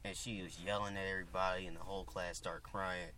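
A young man co-hosting a podcast in casual chat, telling blunt, animated stories with laughter. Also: deep voice, fast, slight background noise. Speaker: podcast co-host.

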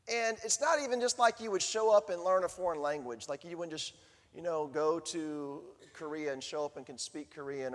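Man preaching, high voice, animated, hushed to booming, long hall reverb. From Southern United States. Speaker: pastor. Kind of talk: sermon.

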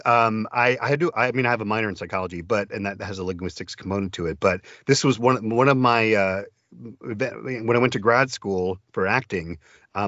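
A man's voice: lowish voice, fairly bright tone, dry recording, dull audio. A man who narrates audiobooks, talking in an interview with enthusiasm and many restarts. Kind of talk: casual interview talk.

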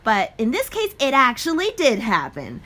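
A young adult woman co-hosts a podcast, chatting casually and telling stories in an animated way while laughing often. Her voice is fairly high, and she speaks at a moderate pace.

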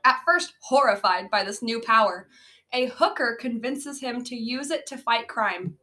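Bright-voiced woman laughing through a movie roast. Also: unhurried. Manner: laughs often, animated retelling. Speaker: podcast co-host. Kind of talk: casual movie-roast chat. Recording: low-quality amateur audio.

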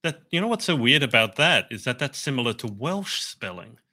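A man hosting an interview, briskly and amiably running through a list of questions. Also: mid-range voice, big pitch swings, bright, forceful tone.

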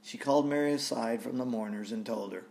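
A man's voice: medium pitch, brisk, creaky, a little mellow. A man preaching a sermon, reading scripture aloud and reflecting on it with repeated rhetorical questions.

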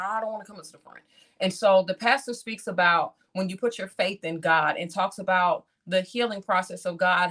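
A woman in her thirties, speaking, tells a personal testimony in animated style and acts out her own reactions as she talks to the audience. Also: fairly low pitch. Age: 30s. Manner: talks straight to the audience, calls them "y'all".

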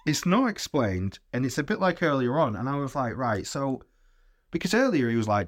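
Animated man retelling a film. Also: medium pitch, normal speed. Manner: sweary, animated, acts out scenes. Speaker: podcast co-host. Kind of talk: casual film-review chat.

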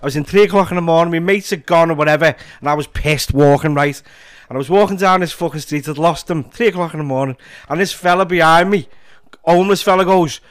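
A man's voice: a little high, fast, few pauses, smooth, no room sound, clean studio sound. A middle-aged man with a Liverpool accent, chatting as a podcast guest and telling stories with plenty of swearing. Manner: animated storyteller, swears freely. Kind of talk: casual chat.

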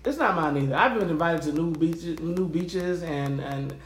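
A man's voice: a little high, normal speed, a little hiss or hum. A man co-hosting a casual comedic chat about odd news, joking, cursing and laughing often. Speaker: co-host.

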